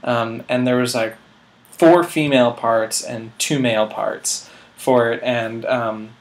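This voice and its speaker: A man's voice: medium pitch, fairly even intonation, slow pace. A man in his twenties telling a rambling, self-mocking comic story, full of filler words. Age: 20s. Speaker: vlog host.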